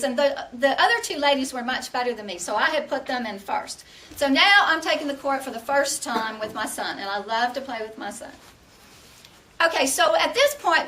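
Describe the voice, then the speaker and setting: A woman's voice: high-pitched, a bit bright, recorded from a distance. A middle-aged woman from Texas, giving a humorous tall-tale speech and laughing through her punchlines. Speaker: contest speaker.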